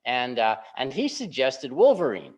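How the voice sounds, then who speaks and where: A male pastor giving a relaxed, conversational sermon, often checking in with the congregation by asking "right?". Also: mid-range voice, moderate pace, husky. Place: church sanctuary. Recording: slightly muffled church recording.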